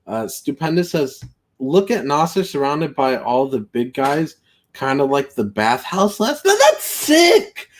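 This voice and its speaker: Animated streamer, mock-outraged. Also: male voice, mid-range voice, unhurried, slight background noise. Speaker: streamer reacting to a recorded show. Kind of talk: casual live-stream commentary, reading super chats.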